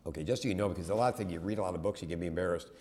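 Male lecturer, low voice, loose and conversational, prone to tangents and restarts. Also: racing, darkish tone. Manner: conversational, digressive, with many restarts and asides. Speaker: teacher. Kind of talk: classroom lecture.

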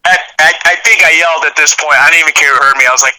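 An excitable man relives a wrestling match as he watches it back with a friend, shouting the calls and admitting his voice is shaking. His voice sits fairly high and rings very bright and forceful. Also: rapid-fire, poor audio. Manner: emotional, shouts and cries out while reliving the match. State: voice shaking with emotion. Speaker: guest. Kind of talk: excited watch-along chat.

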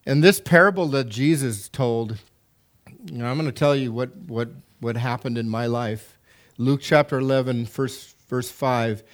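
A middle-aged pastor preaches a sermon in an animated, emphatic manner, full of repetitions and restarts. His voice is mid-range and his pace unhurried.

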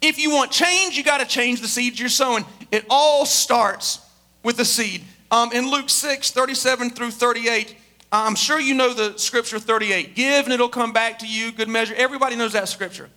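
A male pastor delivers an emphatic sermon from a church stage. His voice sits very high and rings bright and forceful. He drives home each point with rhetorical questions and repetition. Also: normal speed.

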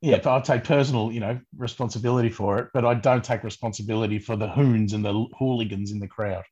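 A man's voice: fairly low pitch, fairly even intonation, quick pace, darkish tone, slightly rough, dull audio. An Australian man co-hosting a coaching podcast, easygoing, with dry humor. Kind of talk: casual chat.

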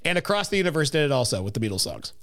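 A man co-hosting a casual chat about a musical film, animated and laughing often. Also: on the high side, racing, gravelly. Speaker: podcast co-host.

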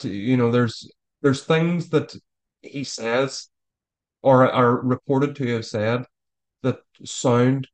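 Guy rambling thru an interview, lots of i-i-i restarts, mid pitch voice. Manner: rambling, stammering restarts, animated. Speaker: author guest. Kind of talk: casual interview talk.

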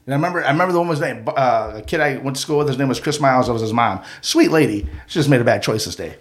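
Animated man telling a casual story. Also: mid-range voice, rapid-fire. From Mohawk community of Akwesasne. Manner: animated, acts out the people in his stories. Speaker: podcast co-host telling a story.

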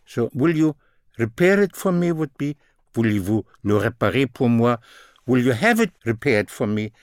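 A man teaching a recorded language lesson, slowly repeating each phrase and its translation. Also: medium pitch, big pitch swings, no echo, studio quality. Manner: slow, deliberate, repeats phrases in two languages.

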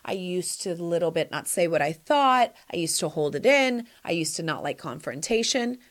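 A woman's voice: lowish voice, lively intonation, normal speed. A woman in her forties hosting a podcast, giving sassy, emphatic advice straight to her listeners in casual chat. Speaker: podcast host answering listener questions.

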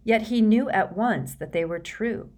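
A woman narrating a storybook aloud in a steady, measured way. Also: medium pitch. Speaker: audiobook narrator. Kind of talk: scripted narration.

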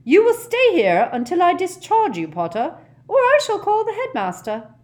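A woman's voice: very high-pitched, huge pitch swings, normal speed, a little mellow, pitched above the performer's own voice, full character voice. A woman voicing a bustling, bossy older school nurse who speaks firmly. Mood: stern. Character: brisk, stern school matron, older woman.

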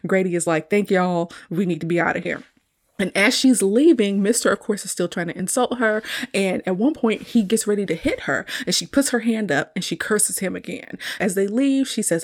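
A woman's voice: medium pitch, moderate pace. A woman hosting a solo review podcast, retelling a film scene in a chatty, casual way and laughing often.

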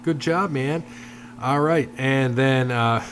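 Rambling middle-aged podcast host. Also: male voice, medium pitch, very slow, long pauses, fairly bright tone, slight background noise. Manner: rambling, profane storyteller. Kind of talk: casual podcast chat.

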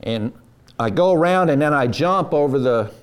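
A man's voice: fairly high pitch, moderate pace, clean tone. Folksy man telling a story. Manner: folksy drawl, animated retelling. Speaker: guest telling a rodeo story. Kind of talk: casual storytelling.

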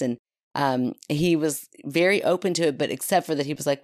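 A woman's voice: deep voice, fairly quick, a little mellow, no echo, studio quality. A woman hosting a podcast, chatting casually with laughing asides and reading out a listener's story. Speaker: podcast host.

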